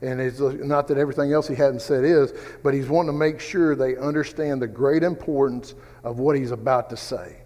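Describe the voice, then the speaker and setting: A man's voice: medium pitch, fairly even intonation, a little fast, hardly any pauses, darkish tone, in a large hall. Man teaching a rambling, chatty Bible class. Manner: rambling, with personal stories and asides. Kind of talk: conversational Bible study teaching. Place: church classroom.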